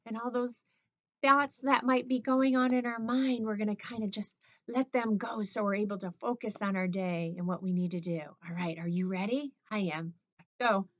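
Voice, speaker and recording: A woman's voice: a little high, no echo. Encouraging woman teacher, dry dull sound. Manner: encouraging, sing-song, playful. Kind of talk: leading children through a morning routine. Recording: slightly dull lo-fi recording.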